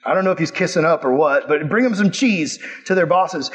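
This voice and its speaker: A man's voice: on the high side, expressive, quick pace, few pauses. A man preaching in a casual, slangy, playful way, retelling a Bible story as a youth pastor.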